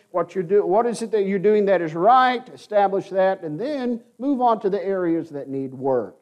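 Male pastor, high voice, earnest sermon delivery with slow emphatic stresses. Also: darkish tone. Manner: earnest, emphatic, slows down for key phrases. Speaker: preacher.

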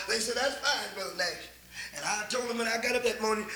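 High-voiced older Texan preacher. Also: male voice, fast, echoey room, low-quality recording. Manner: folksy storytelling, repeats words, builds to shouts. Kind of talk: folksy sermon.

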